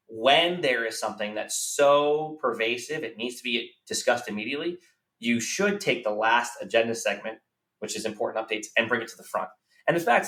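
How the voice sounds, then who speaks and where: A business coach appears as a podcast guest, his medium-pitched voice fairly bright in tone. He gives earnest business advice, repeating key phrases to drive them home, and the roomy recording places the mic slightly distant.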